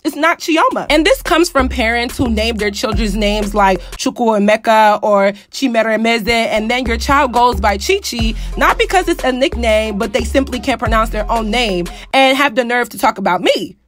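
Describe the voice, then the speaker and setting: A woman's voice: fairly high pitch, moderate pace, hardly any pauses, soft background music. A woman in her early twenties with a Philadelphia American accent, talking to camera in an outspoken, emphatic vlog monologue that rises sharply when she gets annoyed. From Philadelphia, United States. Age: early 20s. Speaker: vlogger. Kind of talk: opinionated casual monologue.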